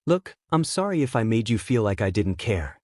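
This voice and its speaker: A man's voice: on the low side, sing-song, moderate pace, no room sound, studio quality. A man voicing a weary, guarded adult male teacher in a fanfiction reading, apologizing stiffly and earnestly. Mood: apologetic.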